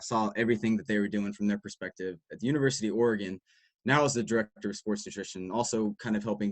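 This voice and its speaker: A man's voice: fairly low pitch, no room sound. A man, a sports dietitian, giving a candid, reflective talk to practitioners, telling work stories casually and swearing now and then.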